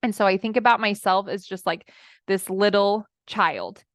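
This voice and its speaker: A woman's voice: medium pitch, normal speed, no room sound, clean studio sound. A woman in her thirties giving a chatty motivational talk as a marriage coach, speaking straight to her listeners and acting out her clients' words. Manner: chatty, addresses listeners as friends, acts out quoted clients.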